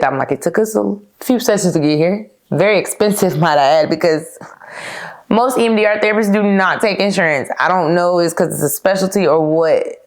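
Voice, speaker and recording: A young woman, hosting a podcast and telling her own story in a candid, chatty way, calling her listeners "y'all.". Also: low-pitched. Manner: laughs now and then, frequent fillers like "like". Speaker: podcast host. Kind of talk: casual personal storytelling.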